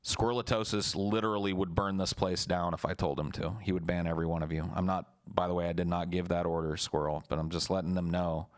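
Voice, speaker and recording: A man's voice: deep voice, level tone, fast, hardly any pauses. A young man streaming, telling a story casually and talking back to his chat in a profane, blunt, laid-back way.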